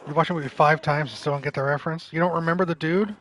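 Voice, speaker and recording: A man livestreams a game, commenting casually, chatting with his viewers, teasing them, and bursting into loud impressions. He talks very fast in a slightly high, steady voice. The recording quality is rough.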